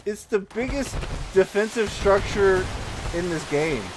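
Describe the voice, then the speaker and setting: A man chatting casually with friends while playing a game, excitable, stammering and making sound effects. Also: sits high, unhurried, noisy background. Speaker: gaming youtuber. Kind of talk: casual gaming chat with friends.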